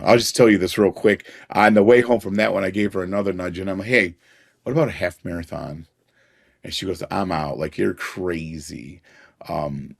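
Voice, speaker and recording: A middle-aged man, a podcast guest, telling personal stories in an earnest way and chuckling now and then. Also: deep voice. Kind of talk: personal storytelling in a conversation.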